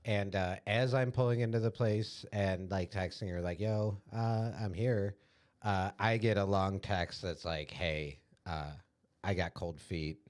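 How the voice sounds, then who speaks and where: A young adult man, a podcast co-host, telling a story in a relaxed, casual way with lots of fillers. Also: low-pitched, a little slow. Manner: laid-back storytelling with fillers. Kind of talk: casual chat.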